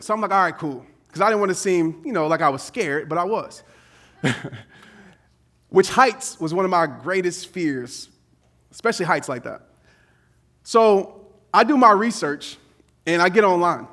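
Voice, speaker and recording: A man in his thirties giving a motivational keynote, telling a story in a lively, conversational way, acting out quotes and laughing often. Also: high-pitched, brisk, long pauses. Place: conference stage before a live audience.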